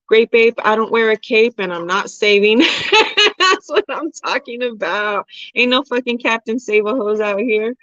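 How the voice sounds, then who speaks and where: A woman's voice: a little high, lively intonation, measured pace, a bit bright, no echo. A woman in her forties chats frankly with her livestream viewers, reading their comments aloud and laughing often. Her talk is loose and candid, with casual swearing. The sound is dry and a little dull, recorded close with almost no room around it. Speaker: livestream host.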